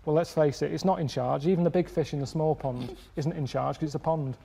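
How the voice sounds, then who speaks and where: Deadpan man, a little high. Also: brisk, gravelly, a little hiss or hum. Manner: deadpan, plodding logic. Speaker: regular guest. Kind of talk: deadpan comic chat.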